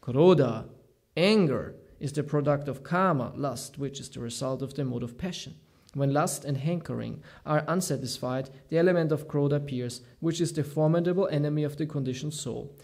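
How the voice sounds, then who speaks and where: Guy teaching a scripture class, kinda high voice, halting and thinking out loud. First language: German. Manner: halting, thinks aloud, searches for words. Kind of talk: reading scripture aloud with commentary.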